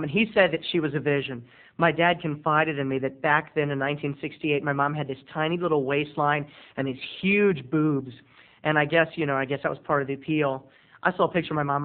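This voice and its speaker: A camp, rambling man telling a funny family story. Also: fairly high pitch. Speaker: video blogger. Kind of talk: comic storytelling to camera. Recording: lo-fi, phone-like webcam audio.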